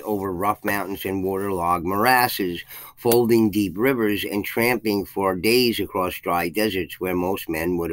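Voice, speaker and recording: A channel host reads a folk legend aloud in archaic phrasing, then adds commentary, raising his voice for quoted lines and occasionally slipping and restarting. His voice is lowish and fairly bright, with no echo and poor audio quality.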